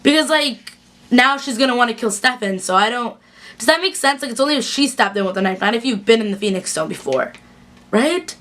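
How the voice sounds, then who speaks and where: A young woman gushing through a casual episode recap in a chatty, excitable way, full of "like". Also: a little high. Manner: gushing, chatty, fast bursts with fillers like "like". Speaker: TV recap vlogger.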